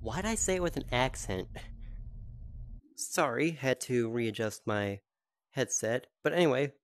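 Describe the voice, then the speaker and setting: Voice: mid-range voice, animated, measured pace. A gaming video host giving chatty VR gameplay commentary and playfully taunting enemies.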